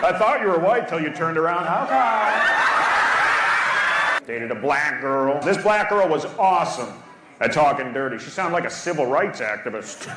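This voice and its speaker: A man doing a stand-up routine and teasing the audience, delivering punchlines deadpan on a comedy club stage with a handheld mic. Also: on the high side, normal speed, background noise. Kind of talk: stand-up routine with crowd work. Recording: roomy club with loud audience laughter.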